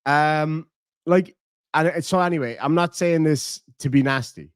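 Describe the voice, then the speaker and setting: A man's voice: a little high, measured pace, clean tone, no room sound, studio quality. An Irish man hosting a livestream, chatting in a rambling, profane way and reading out viewer donations. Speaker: livestream host. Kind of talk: casual livestream chat.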